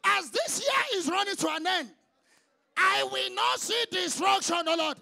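A man leading prayer in a very high, gravelly voice, shouting fervent petitions in a chanting rhythm. His tone is sharp and piercing. Between prayers he drops into quieter exhortation. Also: expressive, unhurried. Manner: fervent, chanting repeated calls to the Lord. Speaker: prayer leader.

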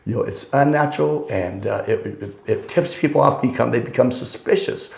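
A man's voice: medium pitch, normal speed, creaky. An older man telling rambling, wry anecdotes in casual conversation, often correcting himself mid-sentence. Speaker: storyteller guest. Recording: roomy echo.

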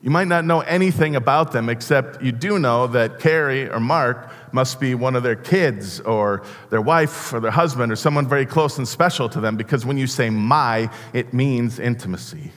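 A man preaching a sermon as pastor, earnest and halting, often restarting his words. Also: mid-range voice, fairly bright tone. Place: church sanctuary. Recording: long church reverb.

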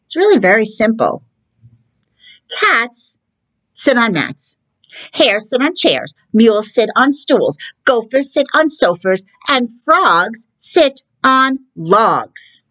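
A bossy know-it-all storybook cat lays down the rules in a slow, drawn-out voice, as a woman puts him on. The voice rises and falls in a lively way. The sound is a bit dull and muffled. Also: on the high side, voice pushed up, full character voice. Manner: slow, drawn-out and matter-of-fact.

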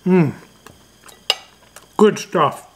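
A man hosting a ham radio video, talking casually to camera with a loose, chatty manner and frequent pauses and uhs. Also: high voice, expressive, slight background noise.

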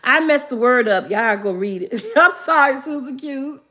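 High-voiced chatty woman. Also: expressive, pushed and bright. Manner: laughs often, repeats questions slowly, chatty. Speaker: vlogger reading live chat riddles. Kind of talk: casual live-stream chat.

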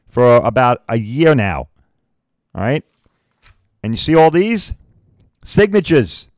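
A man's voice: fairly high pitch, dry recording, studio quality. Blunt, combative podcast host man. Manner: blunt, combative, repetitive "all right?" asides. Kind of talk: ranting promotional monologue.

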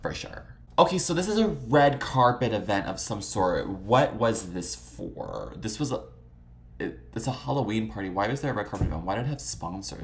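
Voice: medium pitch, a little hiss or hum. Vlog host, casual photo commentary, dramatic exclamations, swearing, filler-heavy chatter. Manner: chatty, gushing, swears freely, frequent "like" fillers.

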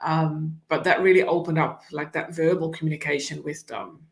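A woman who is an animal communicator, telling her story in an interview, relaxed and full of "you know" asides. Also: low-pitched, moderate pace.

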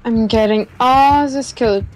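Slow-talking giggly gaming woman. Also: on the high side, darkish tone, slight background noise, rough recording. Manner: short reactions, frequent laughs. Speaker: co-op gaming partner. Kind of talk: casual gameplay chat.

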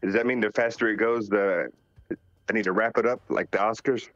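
Deep-voiced laid-back man, dull lo-fi audio. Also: steady tone, normal speed, fairly bright tone, no room sound. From North Carolina. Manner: laid-back, joking, reads questions aloud. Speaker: voice actor answering fan questions. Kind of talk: casual live Q&A. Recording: dull lo-fi sound with faint music behind. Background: faint music.

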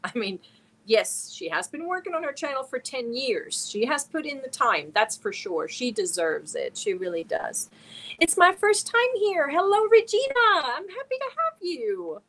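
This middle-aged woman from Germany has a high-pitched voice with big swings in pitch, talking at normal speed. Hosting a relaxed stream, she reads out each viewer message and responds warmly in turn.

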